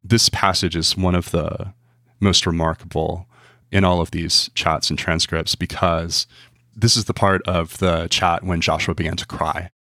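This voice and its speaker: Deep-voiced journalist, thoughtful and searching. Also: male voice, little pitch movement, unhurried, bright, forceful tone, no room sound, studio quality. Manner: thoughtful, repeats words while searching for them. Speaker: journalist guest. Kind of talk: interview conversation.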